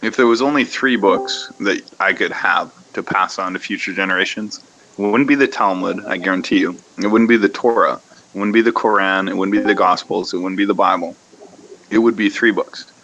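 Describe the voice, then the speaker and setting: A man's voice: low voice, fairly even intonation, a little fast, fairly bright tone, lo-fi sound. A man hosting a casual podcast discussion, lecturing in a rambling way that thinks aloud, with fillers and restarts. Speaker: podcast host.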